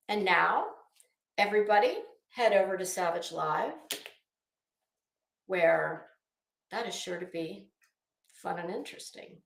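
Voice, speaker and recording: A woman's voice: fairly low pitch, measured pace, creaky, long pauses, reverberant. A woman hosting a live commentary stream, talking in a sassy, blunt, profane way and calling people honey.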